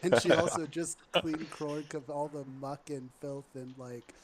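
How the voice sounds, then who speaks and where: A man's voice: on the high side, fairly even intonation, measured pace, a crowd in the background. A man at a tabletop game, joking and laughing. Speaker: player.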